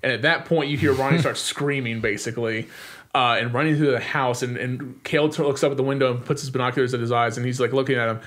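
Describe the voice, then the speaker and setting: A young man recaps a movie plot in an easygoing podcast chat. His voice sits at an ordinary middle pitch, and he talks in a loose, animated way, full of "like" and "um". He keeps slipping into quick acted-out snippets of dialogue. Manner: animated retelling with frequent "like" fillers and quick acted-out lines. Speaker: podcast co-host.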